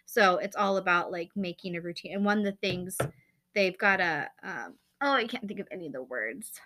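A woman's voice: lowish voice, expressive, normal speed, pushed and bright. A woman in her thirties co-hosting a casual chat podcast, rambling and chatty with lots of fillers. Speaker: podcast co-host.

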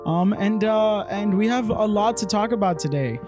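A man's voice: high voice, normal speed, over music. A man in his twenties hosting a podcast, chatting casually and teasing his co-host. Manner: joking, teasing banter. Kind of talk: casual chat.

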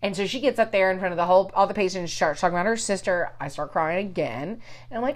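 A woman's voice: mid-range voice, fast talker. A woman co-hosting a podcast, telling a story in casual chat, swearing freely and acting out what people said. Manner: profane, animated storyteller acting out quotes.

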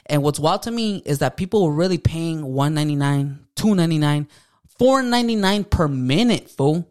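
A man's voice: a little high, expressive, moderate pace, a little mellow. A young man co-hosting a casual podcast, joking and slangy, dropping Spanish words into his talk. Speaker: podcast co-host. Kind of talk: casual chat.

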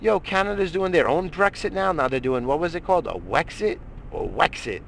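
With a slightly high, animated voice and a fairly bright tone, a middle-aged man rants heatedly about politics while hosting a morning radio show. He speaks fairly quickly, swears nonstop, and keeps restarting his rambling points, with slight background noise.

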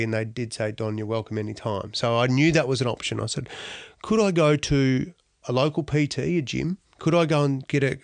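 A middle-aged Australian man, a former athlete, telling his story in a lively, slangy, self-deprecating way. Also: medium pitch, no echo. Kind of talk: storytelling talk.

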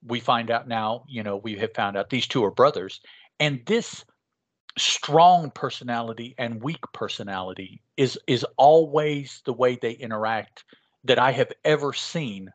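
A man's voice: medium pitch, a little slow, no room sound. Thoughtful male podcast co-host. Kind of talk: casual chat.

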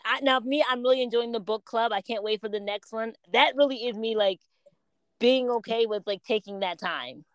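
A woman co-hosting a podcast in casual chat, telling stories with lively self-quotes. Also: on the high side, moderate pace, smooth, dry recording. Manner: animated storytelling, quotes herself and others. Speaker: podcast co-host.

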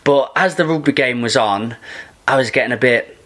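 A man's voice: mid-range voice, normal speed, a bit bright. A man in casual podcast chat, an enthusiastic and rambling storyteller who laughs often.

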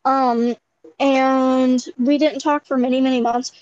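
A woman's voice: high voice, little pitch movement, takes it slowly, a little mellow. A young woman co-hosting a casual podcast, giggly and rambling with lots of "like" fillers. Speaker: podcast co-host. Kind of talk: casual chat. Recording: dull lo-fi sound with faint background noise.

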